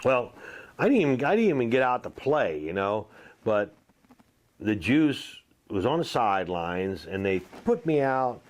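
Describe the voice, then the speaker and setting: A man and former football player telling salty, animated anecdotes in a casual interview, full of fillers. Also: mid-range voice, a little slow. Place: outdoors at a golf tournament.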